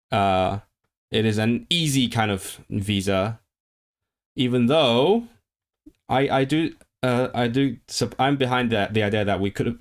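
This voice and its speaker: A man in his thirties from Hong Kong, chatting casually on a livestream, reading viewers' messages aloud and rambling with many restarts. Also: fairly low pitch. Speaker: livestream host.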